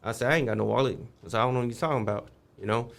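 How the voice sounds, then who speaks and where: A man's voice: medium pitch, rapid-fire, gravelly, a bit bright. Streetwise man telling a story. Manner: streetwise, swearing, acts out quoted voices. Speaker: podcast guest. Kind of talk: casual storytelling interview.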